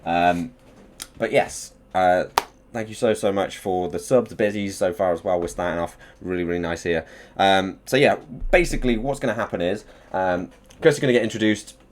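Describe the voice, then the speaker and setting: A young man hosting a casual live stream, excitable and swearing as he hypes up his chat before an interview. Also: sits low, normal speed, a little hiss or hum.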